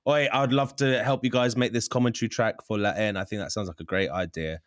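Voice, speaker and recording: A man, a podcast guest telling sweary anecdotes in a relaxed way. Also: on the low side, brisk, dry recording, clean studio sound. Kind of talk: casual chat.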